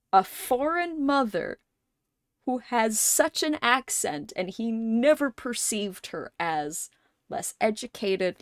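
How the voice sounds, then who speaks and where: A woman's voice: medium pitch, dry recording, studio quality. A woman live streamer in casual chat, thinking aloud at length and swearing offhandedly.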